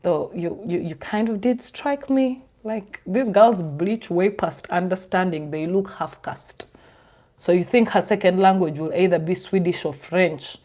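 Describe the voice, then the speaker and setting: A woman's voice: lowish voice, measured pace, mellow. A young woman from Uganda, a vlogger giving sarcastic casual commentary with a lot of laughing.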